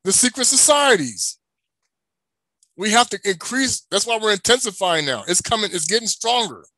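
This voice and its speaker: A man with a high, bright, ringing voice preaches with emphasis. He keeps asking the listener questions and then answering them himself. The sound is close and dry, with no room echo. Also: lively intonation, normal speed. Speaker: religious teacher. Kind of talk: preaching to an online audience.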